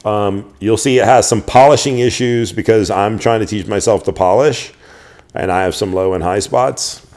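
This show-and-tell features a middle-aged man reviewing his knife collection at a normal pace, his voice on the low side and a little mellow. He rambles eagerly and often starts his sentences over.

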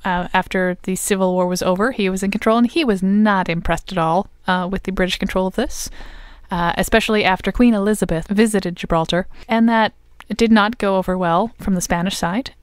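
A woman's voice: mid-range voice, fairly even intonation, a little fast, clean tone, no echo, clean studio sound. A woman co-hosting a casual history podcast, explaining at length with plenty of ums and uhs. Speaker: podcast co-host.

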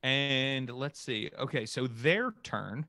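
Bright-voiced male game master. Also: mid-range voice, slow pace, no echo, clean studio sound. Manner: casual, lively narration with many fillers. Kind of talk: narrating a tabletop game.

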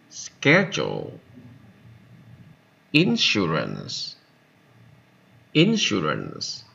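Male vocabulary reader, very slow and lively in pitch, gravelly bright tone, dull lo-fi recording; reads each word twice.

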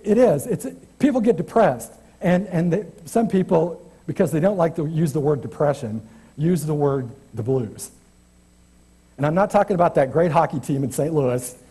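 A man's voice: on the high side, warm tone, breathy edge. A man preaching an informal, chatty church sermon as a guest preacher, self-deprecating and often restarting his sentences. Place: church sanctuary.

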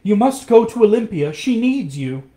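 A man's voice: sits high, very animated, fairly quick, warm tone, voice pushed up. A man reading aloud and voicing a clever, bold young woman in a storybook tale. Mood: urgent.

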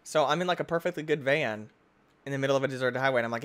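An excitable man rattles off goofy let's-play commentary, his voice leaping all over the place. His tone is bright and sharp, and he breaks into yells and shrieks as he plays. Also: a little high, very fast. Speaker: gaming YouTuber.

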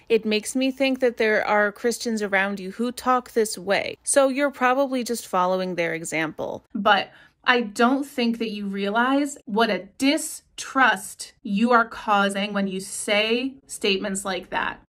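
A woman's voice: mid-range voice, measured pace, fairly bright tone. A woman vlogger giving earnest, emotional commentary, fighting back tears as she speaks. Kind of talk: passionate commentary.

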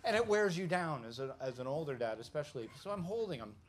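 A Canadian man in his fifties works a comedy club crowd with a slightly high voice, swearing freely and throwing asides at the audience. The live recording carries a clear layer of room noise under him. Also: expressive, fast. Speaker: stand-up comedian. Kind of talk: stand-up comedy set. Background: audience laughter and room noise.

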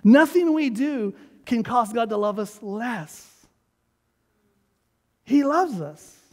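A man's voice: very high voice, expressive, slow. A man preaching a sermon as pastor, emphatic and urging the congregation to repeat his words. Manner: emphatic, urges the congregation to repeat after him. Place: church sanctuary. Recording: long hall reverb of a church sanctuary.

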